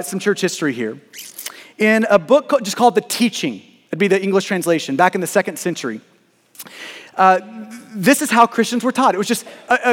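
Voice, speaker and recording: A man's voice: high voice, long reverb tail. A man preaching a sermon as a pastor, earnest and emphatic, often repeating words as he presses a point.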